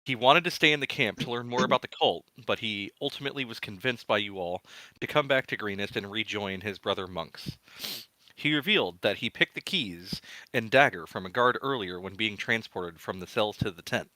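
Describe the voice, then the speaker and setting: Low-voiced casual game master. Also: male voice, a little fast, bright, forceful tone, no room sound, poor audio. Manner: casual, rambling, many fillers. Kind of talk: recapping a tabletop game session.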